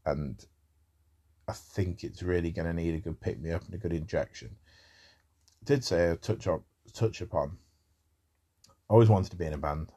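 A man's voice: sits low, normal speed, pauses often, mellow, husky. A man talking in a rambling casual monologue about music, with wry asides.

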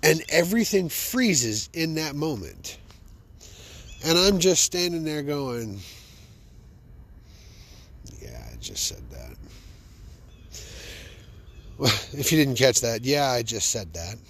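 A man hosting a podcast, telling funny personal stories in an animated, joking, self-amused way. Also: on the high side, measured pace. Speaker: podcast host. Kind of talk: comic personal storytelling.

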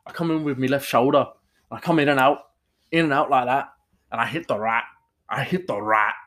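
A man doing a brash Irish fighter boasting after a win, with an Irish accent and cocky, repetitive, quick bragging. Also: medium pitch, fairly bright tone, pitched above the performer's own voice, lightly acted. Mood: boastful. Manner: cocky, rapid boasting with repeated phrases.

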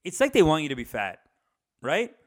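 This young male vlogger has a voice on the high side with huge swings in pitch, delivered at a moderate pace. Indoors at his parents' house, he rambles casually to the camera, cursing, using many fillers, and restarting often.

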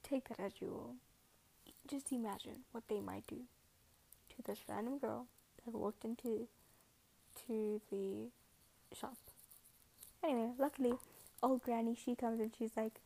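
A woman hosts a casual podcast, rambling through a retelling and often correcting herself mid-sentence. Her voice is high-pitched but mellow and warm. She slips into quoted lines as she goes. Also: normal speed, poor audio. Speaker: podcast host.

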